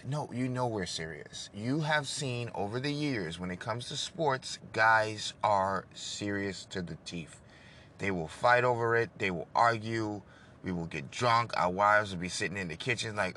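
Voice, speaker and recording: A man hosting his own show, delivering an impassioned sports rant that swings between loud outbursts and hushed asides. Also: on the low side, expressive, moderate pace, slight background noise. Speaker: show host. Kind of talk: ranting sports monologue.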